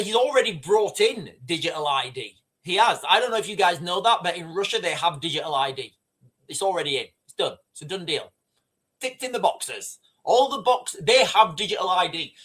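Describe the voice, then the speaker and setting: A man's voice: sits high, a bit bright. A man hosting a casual livestream, rambling and repeating himself as he reads out viewer comments. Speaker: livestream host.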